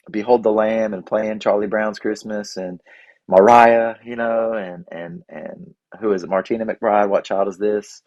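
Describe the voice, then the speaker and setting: A man's voice: on the low side, dry recording, dull audio. A man, hosting his show and talking casually in a rambling, self-deprecating, folksy way. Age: 40s. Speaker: podcast host. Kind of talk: casual reflective monologue.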